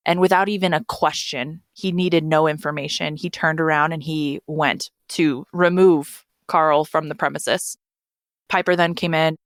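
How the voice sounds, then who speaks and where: A woman's voice: deep voice, fairly even intonation, measured pace, no echo, studio quality. A young woman frankly telling her own story as a podcast guest, blunt and swearing freely. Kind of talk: candid first-person storytelling.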